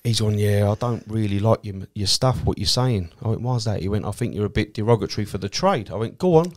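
Talking fast in a fairly low voice, this Essex man spins anecdotes in a relaxed chat. He drives a cab and does comedy, curses without restraint, and brings the people in his stories to life.

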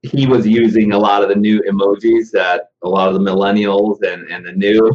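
A man's voice: fairly low pitch, little pitch movement, normal speed. Rambling male host on a call. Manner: loose, rambling, with many fillers. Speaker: live show host. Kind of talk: casual chat. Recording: slightly muffled, faintly noisy call audio.

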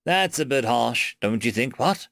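A man voicing an unflappable woman doctor who speaks calmly and matter-of-factly. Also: mid-range voice, a little slow, creaky, no echo, clean studio sound. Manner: calm, matter-of-fact.

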